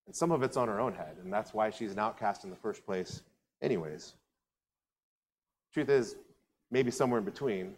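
This man from the United States has a mid-range voice with a breathy edge, heard in a big room. As a pastor giving a conversational sermon, he tells the story casually with animated acting-out of voices, many asides, and filler words.

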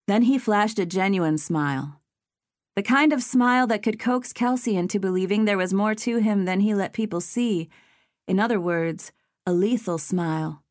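A woman reads an audiobook aloud in a measured, expressive storytelling style. Her voice sits fairly low, and the recording is clean studio sound with no room echo.

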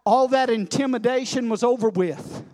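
A male preacher with a high voice delivers a sermon at a moderate pace. He shifts from hushed storytelling to loud, shouted climaxes, repeating phrases for emphasis.

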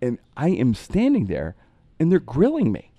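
A man, a radio broadcaster, telling animated stories in casual podcast talk and acting out other people's lines. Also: medium pitch, normal speed, no room sound, lo-fi sound. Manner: animated anecdotes with quoted voices.

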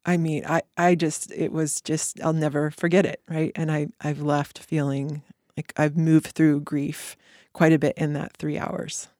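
A woman guest on a podcast, talking earnestly in a reflective conversation with halting restarts. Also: low voice, level tone, darkish tone, dry recording, studio quality. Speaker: podcast guest, eating disorder clinic co-founder.

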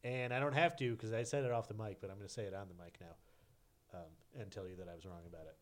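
A man's voice: lowish voice, fairly even intonation, fast. Giggly rambling podcast guy. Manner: giggly, rambling, self-correcting. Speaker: podcast co-host. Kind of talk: casual chat.

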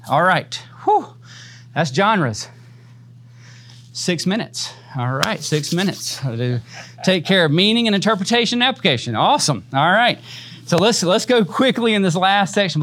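A man's voice: a little high, fairly bright tone. A man teaching a church Bible class in a casual, conversational way, often adding "man" and "right?" and laughing easily.

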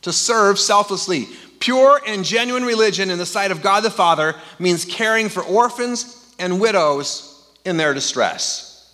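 Bright-voiced male preacher in a reverberant hall. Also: sits high, lively intonation, unhurried. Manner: conversational, storytelling, rhetorical questions. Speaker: pastor. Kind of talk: sermon.

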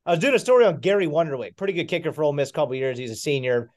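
A man's voice: fairly high pitch, lively intonation, rapid-fire. A man hosting a sports podcast, chatting casually with wry joking asides. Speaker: podcast host.

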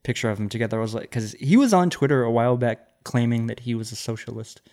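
A man's voice: medium pitch, quick pace, a little mellow. A man from the American South co-hosts a podcast in loose, casual chat. He jokes around and swears offhandedly. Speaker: podcast co-host.

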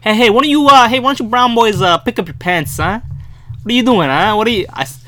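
A brash, loud middle-aged city cop , as a man puts him on, heckling passersby in a thick, exaggerated Brooklyn accent. The voice is pushed far above a normal speaking register and delivered at a near shout. It sounds like a jokey podcast impression. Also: high voice, fast, pitched above the performer's own voice. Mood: brash, barking. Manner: barking, confrontational, heckling.

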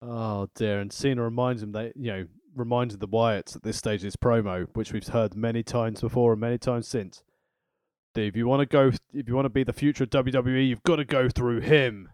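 A man's voice: mid-range voice, steady tone, fairly quick, a little mellow, dry recording, clean studio sound. A man co-hosting a casual chat, cracking jokes, giggling, and reading from prepared notes. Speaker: podcast co-host.

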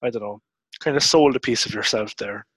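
Calm dry-voiced co-host. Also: male voice, lowish voice, brisk, slightly rough, no echo, low-quality recording. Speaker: podcast co-host. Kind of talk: casual podcast chat.

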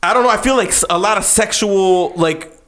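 A man's voice: sits high, brisk. A man in casual conversation with friends, telling stories animatedly and laughing often. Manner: animated storytelling, acting out quotes, laughs often. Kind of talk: casual chat.

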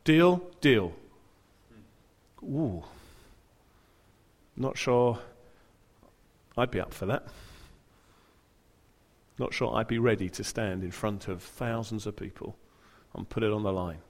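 Male preacher, lively storytelling. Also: lowish voice, a little slow, pauses often, in a large hall. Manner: dramatic, humorous storytelling. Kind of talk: sermon.

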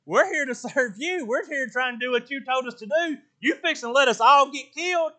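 Joshua as a distraught man pleading with God and blaming him, voiced by a preacher, high-pitched and bright. The complaint comes out in fretful, rising questions. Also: fairly quick.

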